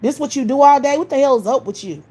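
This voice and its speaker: A woman's voice: high-pitched, fast, mellow, a little hiss or hum. A woman hosting a livestream, ranting in a heated, blunt and profane way. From United States. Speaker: livestream host. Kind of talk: livestream rant.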